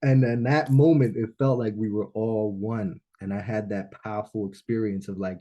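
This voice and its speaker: A man with a warm, mellow voice tells a personal story to a live audience at a launch event. He is animated and often checks in with "right?". He drops into hushed reflection and then rises into excited emphasis. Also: lowish voice, normal speed, hardly any pauses. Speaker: speaker at a business launch event.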